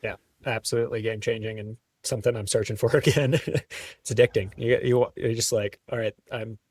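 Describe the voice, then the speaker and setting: A man's voice: medium pitch, fairly even intonation, a little fast, darkish tone, husky, no room sound, far from the mic. A man talking as a podcast guest, telling stories in an easygoing way and laughing often. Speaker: guest, trail runner. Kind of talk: casual interview chat.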